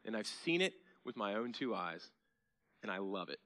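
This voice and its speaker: A man pastor preaching a sermon in a church, conversational and then emphatic, sometimes dropping to a soft hush. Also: fairly low pitch, sing-song, normal speed.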